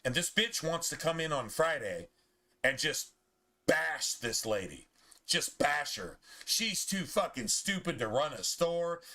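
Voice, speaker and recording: A male streamer talks over his gameplay in a heated, profane rant. His voice sits a little high for a man and sounds sharp and tense. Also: very animated, a little slow. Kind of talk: ranting chat over gameplay.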